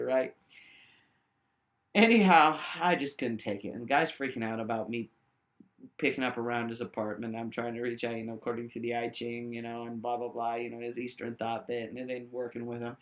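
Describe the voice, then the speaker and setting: A woman telling a rambling personal story to the camera, swinging between high exclaims and low mutters and often checking in with the listener. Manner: keeps checking in with the listener with "right?".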